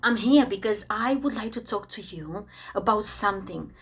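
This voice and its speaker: A woman teaching preschool children, gentle and encouraging as she leads a reading game. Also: mid-range voice, lively intonation, moderate pace, breathy edge. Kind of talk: children's lesson.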